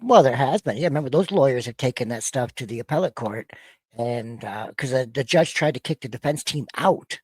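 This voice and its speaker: A man's voice: mid-range voice, expressive, brisk, darkish tone, breathy edge, dry recording. Gen x guy hosting a podcast, swears a lot, trips over his words, dry close sound. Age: 40s to 50s. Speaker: podcast host. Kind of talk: casual reaction-show banter.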